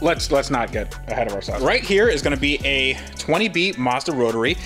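A man in his thirties hosting a casual car-build video, animated and self-deprecating, with a sponsor read. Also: mid-range voice, brisk, faint music behind. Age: 30s. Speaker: host.

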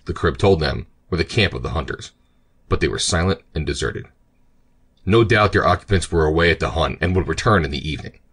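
A man narrating an audiobook in a deep, low register. His voice has a husky grain, and he reads in a steady, measured way, sentence by sentence. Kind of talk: scripted narration.

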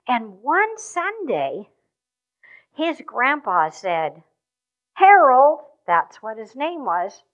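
A woman telling a children's story at church, gently asking the children questions. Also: on the high side, dull audio.

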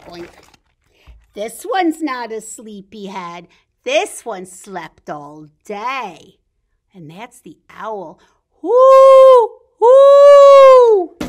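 A woman librarian leading a baby story time, reading a picture book aloud, singing simple songs and making animal sounds in a sing-song, animated way. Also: a little high, a little hiss or hum. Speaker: children's librarian.

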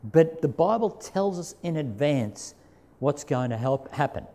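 A man's voice: a little high, lively intonation, measured pace, mellow. A man pastor giving a sermon in church, talking in a conversational way, reading scripture aloud with emphasis and repeating key phrases. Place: church sanctuary.

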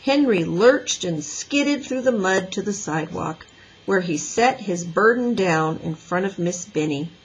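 A woman teacher reading a children's book aloud with an expressive, lively voice. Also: fairly low pitch, a little slow, a little hiss or hum, low-quality recording. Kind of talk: storybook read-aloud.

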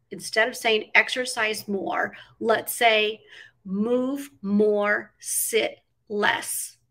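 Middle-aged woman coach, earnest motivational chat, kinda high voice, a bit off-mic. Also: bright, forceful tone, distant mic. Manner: earnest, storytelling, frequent ums. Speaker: wellness coach. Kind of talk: casual motivational talk.

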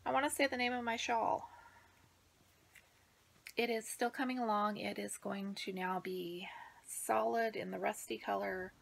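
A woman's voice: medium pitch, fairly even intonation, measured pace, vocal fry, long pauses. A middle-aged woman vlogging casually from home about her stitching projects, out of breath, rambling and sometimes dropping to a near-whisper. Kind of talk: casual chat.

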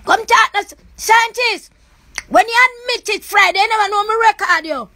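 Very high-voiced Jamaican woman. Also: normal speed, bright, forceful tone. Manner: accusing, repetitive, raw and impassioned. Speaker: livestreamer. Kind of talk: emotional live-stream rant.

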